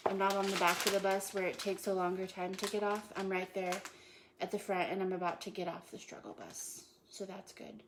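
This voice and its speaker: A woman's voice: mid-range voice, little pitch movement, fairly quick. A woman hosting a casual live cooking show from her home kitchen, joking playfully and punning while she chops. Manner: playful, jokey, self-praising with puns. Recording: kitchen noise with chopping and clicks.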